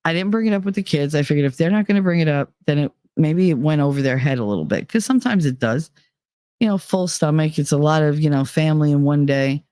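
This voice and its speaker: A woman's voice: low voice, quick pace, warm tone, no echo. A woman hosting a podcast, telling personal stories in a candid, profane, laughing way. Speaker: podcast host. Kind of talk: casual personal storytelling.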